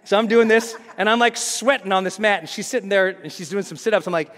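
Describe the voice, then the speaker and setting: Animated storytelling man in an echoey hall. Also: quick pace, slight background noise. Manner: animated, acts out scenes with big pitch jumps. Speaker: motivational speaker. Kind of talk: storytelling talk to an audience.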